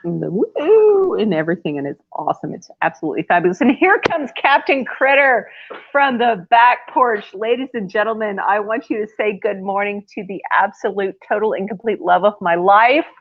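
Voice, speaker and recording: A woman's voice: medium pitch, lively intonation, moderate pace, dry recording. Woman, casual livestream host, rambling, effusive, laughs a lot, tinny phone-like sound. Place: at home.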